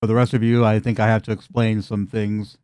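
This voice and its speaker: A man voicing a calm, wary male bartender in a tabletop game, speaking in a measured way. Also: lowish voice, clean tone, no echo, natural voice. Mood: grave.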